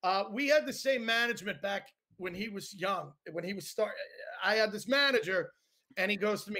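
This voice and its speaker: A man's voice: high voice, animated, normal speed, sharp tone. An older man hosting a podcast, telling stories with lots of swearing and laughter. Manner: laughing, profane storyteller. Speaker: podcast host, comedian. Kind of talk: casual podcast chat.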